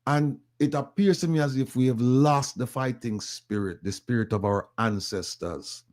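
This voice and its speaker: A man's voice: medium pitch, moderate pace, few pauses, a little mellow. A man with a Jamaican accent speaking as an activist in an online group audio chat, urging listeners with emphatic repetition.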